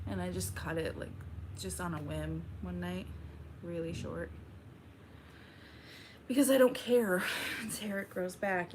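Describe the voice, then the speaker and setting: A young woman hosting a casual livestream, reading chat aloud and chatting back in a slow, laid-back drawl. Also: lowish voice, background noise.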